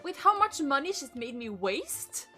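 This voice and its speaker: A woman streamer doing casual let's-play commentary, talking in a profane, animated and joking way. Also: sits high, unhurried. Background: game music.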